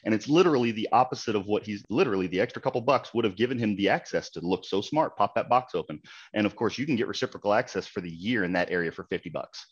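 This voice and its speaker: Fast-talking low-voiced man telling a story. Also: slightly rough, highs cut off. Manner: animated, heated retelling with quoted exchanges. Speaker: realtor, local board president. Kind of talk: casual storytelling.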